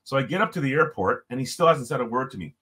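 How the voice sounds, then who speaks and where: Man, middle-aged, from Jamaica, podcast guest, casual storytelling, animated, mid-pitched. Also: fast talker. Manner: animated storyteller, acts out quotes, many restarts. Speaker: podcast guest, former pro hockey player.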